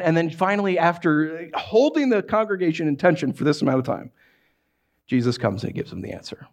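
A man preaching with lively, theatrical energy, slipping into the voices of the characters in his stories. His voice sits a little higher than most men's. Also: brisk. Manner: animated, acts out voices of dogs, cats and listeners. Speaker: pastor. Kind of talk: sermon.

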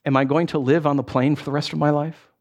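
A man's voice: on the high side, fast. A middle-aged man preaching a sermon as pastor, telling stories with lots of restarts and acted-out asides. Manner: animated storytelling with many restarts and acted asides.

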